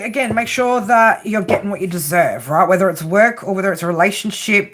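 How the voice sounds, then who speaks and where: A woman's voice: fairly low pitch, background noise. Chatty Australian woman reading tarot. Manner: casual, chatty, laughs often, swears. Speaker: tarot reader. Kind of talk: live-stream tarot reading and chat.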